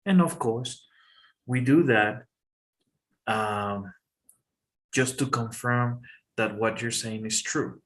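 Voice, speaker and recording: A man's voice: mid-range voice, slow, long pauses. Patient male English tutor. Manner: patient, relaxed teaching with frequent "okay". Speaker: online English teacher. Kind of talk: casual one-on-one lesson.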